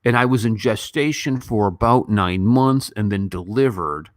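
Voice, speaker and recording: A man from Gary, Indiana, around fifty, hosting a casual live Q&A, answering viewers with sardonic deadpan jokes and frequent ums. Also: lowish voice, moderate pace, no room sound, studio quality. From Gary, Indiana, United States. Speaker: livestream host answering viewer questions.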